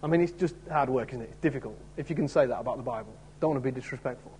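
A man's voice: medium pitch, racing, a little mellow, slight background noise. A man preaching an expository sermon in a conversational way, often turning statements into questions for his listeners. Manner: conversational, asks listeners rhetorical tag questions; acts out quoted voices in the story.

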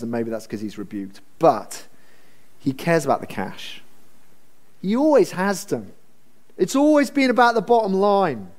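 High-voiced preacher, chatty and humorous. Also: male voice, a little mellow. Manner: conversational, humorous, vivid storytelling. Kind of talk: expository sermon.

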